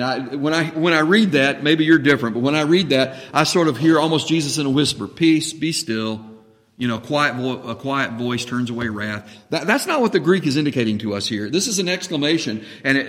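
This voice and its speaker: A man's voice: mid-range voice, a bit bright, big-room sound. A man preaching a sermon, earnest and building to emphatic commands.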